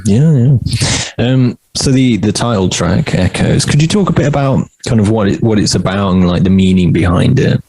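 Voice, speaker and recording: A man's voice: lowish voice, animated, normal speed, hardly any pauses, darkish tone, slightly rough, dry recording, poor audio. A man hosting a podcast, asking hesitant questions full of fillers. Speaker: podcast host. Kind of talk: interview questions.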